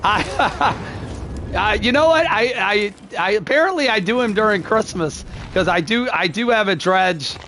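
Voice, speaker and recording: An older man streaming a video game live, talking through his plays and answering chat in a gruff, curmudgeonly-sounding voice, often halting and restarting his phrases with a chuckle. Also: high voice, animated, sharp tone, a little hiss or hum. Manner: gruff, curmudgeonly-sounding, says he is not angry.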